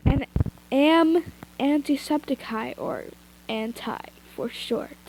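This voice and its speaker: A woman's voice: high-pitched, very slow, background noise, heavily acted. A woman doing a whispering male demon double. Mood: menacing whisper. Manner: whispering seductively. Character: sinister male demon double, smooth and menacing. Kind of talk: whispered role-play.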